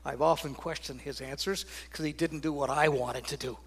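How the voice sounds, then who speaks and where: An older man preaching a sermon, swinging from loud, ringing declarations down to hushed, almost whispered lines. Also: a little high, steady tone, normal speed, husky.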